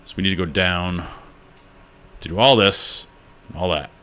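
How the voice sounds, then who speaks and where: A man's voice: deep voice, normal speed, pushed and bright. A man giving casual gameplay commentary as a streamer, thinking aloud and muttering to himself.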